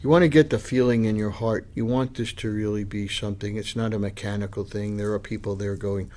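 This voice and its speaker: A man's voice: lowish voice, steady tone, brisk, hardly any pauses, a little mellow. A man teaching a Dharma class as a Buddhist lama, in an informal, chatty way that acts out the voices he quotes. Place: meditation class with students.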